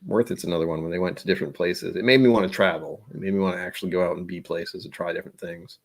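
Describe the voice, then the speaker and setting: A man hosting a casual livestream, chatting and rambling, often trailing off into quiet asides. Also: sits low, steady tone, racing. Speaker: livestream host.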